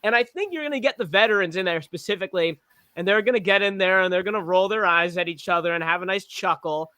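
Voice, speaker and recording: A man in casual sports chat, animated and rambling, with lots of fillers. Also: high voice, fast talker, clear, resonant tone, no room sound. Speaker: podcast panelist playing a witness.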